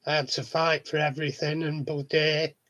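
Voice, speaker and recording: A man's voice: fairly high pitch, little pitch movement, moderate pace, a bit bright, rough recording. A man in a casual monologue vlog, talking bluntly, swearing freely and chuckling often. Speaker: vlogger.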